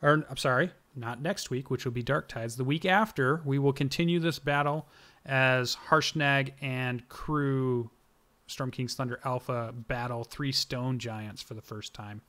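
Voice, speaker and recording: A man's voice: medium pitch, unhurried, a bit bright. A man serving as game master, casually wrapping up a streamed tabletop game session with loose, rambling announcements and frequent ums. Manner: casual, loose, with many ums and self-corrections.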